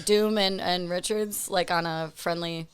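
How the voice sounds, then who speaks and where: A woman's voice: lowish voice, steady tone, unhurried, clean tone. A woman co-hosting a podcast, tossing out wisecracks in casual comics chat. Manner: wisecracking, laid-back. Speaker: podcast co-host.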